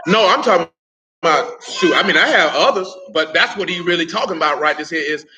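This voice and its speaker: A man's voice: fairly high pitch, animated, brisk, background noise. A man leading an interactive Bible study, talking casually, teasing and quizzing his listeners by name. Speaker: Bible teacher.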